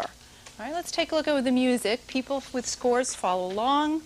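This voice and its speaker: A woman's voice: fairly high pitch, big pitch swings, moderate pace. A middle-aged woman teaching a dance notation class in a studio, coaching dancers and calling counts aloud.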